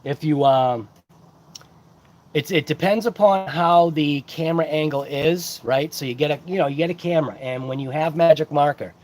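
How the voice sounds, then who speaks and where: Man, casual livestream host, rambling chat, greets viewers by name, slightly raised pitch. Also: moderate pace, darkish tone. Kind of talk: casual live-chat unboxing.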